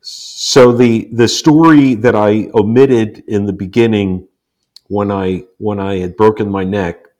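A man in his sixties from the United States, a guest telling personal stories in a relaxed interview and acting out the quotes. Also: measured pace. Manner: animated storyteller, acts out quotes with rising pitch. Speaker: guest, author. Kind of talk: storytelling in a casual interview.

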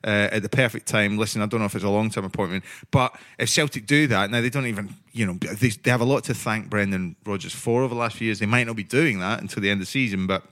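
A man talking football in a casual chat as a pundit, halting and restarting often but firm in his opinions. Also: on the low side, a bit bright.

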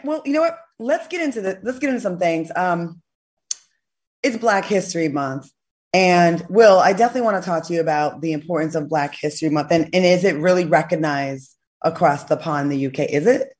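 A woman in her forties hosting a casual talk show, lively and chatty, laughing easily. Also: lowish voice, a little fast. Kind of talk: casual chat.

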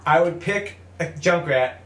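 A man's voice: on the high side, measured pace, a bit bright, roomy sound. A young man in casual gaming chat who tells stories animatedly, acts out what people said, laughs often and swears freely. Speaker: podcast co-host.

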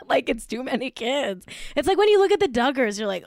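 A woman co-hosting a comedy podcast, rambling and gushing in casual chat. Her voice sits fairly high, and the recording is dry and close. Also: animated, brisk, few pauses, no room sound. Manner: gushing, full of likes, with frequent laughs. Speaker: podcast co-host.

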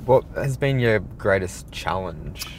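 A man's voice: low voice, lively intonation, slow, slight background noise. A man interviewing a guest, asking brief casual questions. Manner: brief questions and short backchannels. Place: inside a parked car.

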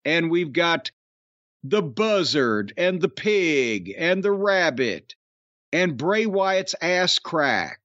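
A man's voice: sits high, fairly bright tone, no room sound, lo-fi sound. A man hosting a podcast, ranting bluntly and profanely about wrestling with an exasperated manner. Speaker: podcast host.

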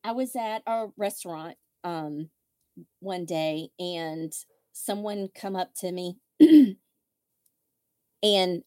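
A woman's voice: on the low side, takes it slowly, a little mellow, no room sound, clean studio sound. A woman hosting a podcast, telling candid, wry stories in casual chat and acting out what others said. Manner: candid, wry storytelling with quoted voices. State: widow. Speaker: podcast host.

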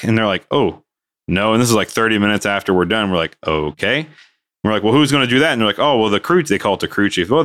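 A man co-hosting a casual podcast, telling a work story and acting out what people said. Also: lowish voice. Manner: animated, acts out quoted dialogue. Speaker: podcast co-host.

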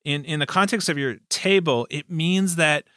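A man hosting a relaxed chat about running tabletop games, slightly higher-pitched than most men. His voice is bright and forward, and he wanders through his points with fillers and restarts. The recording is close and dry. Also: moderate pace, clean tone, no echo. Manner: rambling, many fillers and restarts. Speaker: game master and podcast host. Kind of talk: casual chat.

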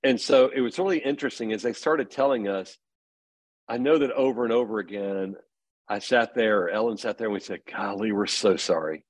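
A man's voice: medium pitch, fairly quick, dry recording. A middle-aged man as a podcast guest, earnestly telling stories about parenting in casual conversation. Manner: earnest storytelling.

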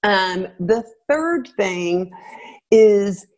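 A woman, a former teacher, giving parenting advice in relaxed conversation, laughing now and then. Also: a little slow. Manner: animated, laughs, acts out quotes with pitch jumps.

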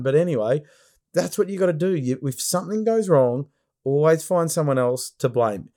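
A man's voice: on the high side, expressive, brisk, dark tone. A man interviewing a guest in a casual conversation, joking and laughing along.

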